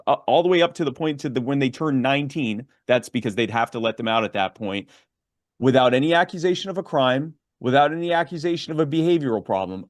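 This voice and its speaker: A man's voice: mid-range voice, no echo. A man, forty or older, speaking as an advocacy guest in an interview, explaining a bill earnestly with many fillers and restarts. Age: 40s or older.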